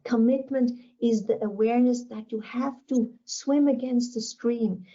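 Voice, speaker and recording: Slow, warm-voiced woman giving a keynote. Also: a little high, steady tone, muffled recording. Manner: emphatic, repeats key phrases. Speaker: motivational speaker. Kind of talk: motivational keynote talk.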